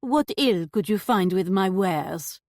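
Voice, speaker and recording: A woman's voice: medium pitch, expressive, takes it slowly, a little mellow, no echo. A woman voices a mature shopkeeper woman caught out in a lie. She clings to a shaky fake French accent and answers with evasive indignation. The storybook reading sounds dry and close. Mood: indignant.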